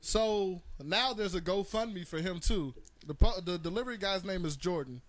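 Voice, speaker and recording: A man hosting a casual talk show, telling stories with animated delivery and acting out the people in them. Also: sits high, normal speed, no echo. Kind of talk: casual chat, storytelling.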